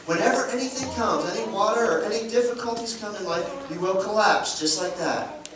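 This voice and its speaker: A man's voice: high voice, normal speed. A male pastor giving a playful children's sermon, asking the kids questions as he shows them props. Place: church sanctuary. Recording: very echoey church hall from a distance with room noise.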